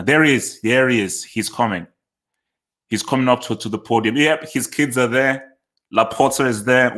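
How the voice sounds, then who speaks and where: On his football channel, a man with a medium-pitched, fairly bright voice reacts live and casually. His habit is to think out loud, repeat brief phrases and restart what he's saying.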